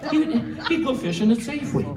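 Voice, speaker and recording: A man giving a humorous eulogy for his father at a church memorial, a lively storyteller who chuckles often. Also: extremely high pitch, fairly quick, over a noisy crowd. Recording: echoey hall from far off with faint room noise.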